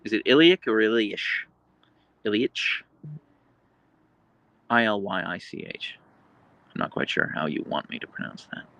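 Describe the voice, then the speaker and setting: A man's voice: sing-song, measured pace, vocal fry, long pauses, a bit bright, lo-fi sound. A man live streaming from home, casually chatting and reading viewer comments aloud, and talking to his dogs. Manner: reads chat aloud, chatty and meandering; baby talk to his dogs in high pitch. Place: home in Seattle.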